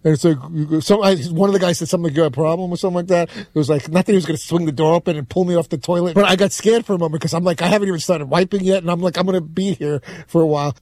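Man, New York accent, fast, rambling, self-interrupting, slightly high voice, dry sound. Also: steady tone, darkish tone, no room sound. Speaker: show regular. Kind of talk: casual studio chat.

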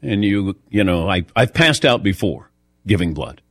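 A man's voice: sits low, expressive, moderate pace, dry recording, studio quality. A man hosting a sports radio show, telling a self-mocking story in casual chat while a little lightheaded.

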